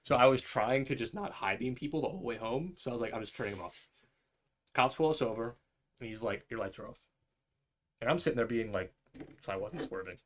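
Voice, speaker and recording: A young man spins a loose, profane story in a rapid flow. He drops in quick impressions of the people in it, and his pitch sits in the middle for a man. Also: lively intonation, fairly bright tone. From New York area. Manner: rambling and profane, acts out quoted voices. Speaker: podcast co-host. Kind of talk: casual storytelling chat.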